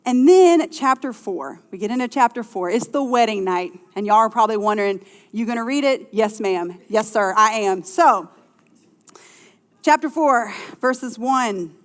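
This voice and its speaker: Lively woman preaching in a hall. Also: fairly high pitch, moderate pace. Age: middle-aged. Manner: lively, conversational preaching with playful asides. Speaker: pastor. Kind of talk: sermon.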